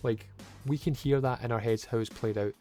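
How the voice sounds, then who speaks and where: A young man talks through a game review in a loose, rambling way, opinionated and casually sweary. His pitch sits in an ordinary middle range, with soft music faintly underneath. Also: steady tone, brisk.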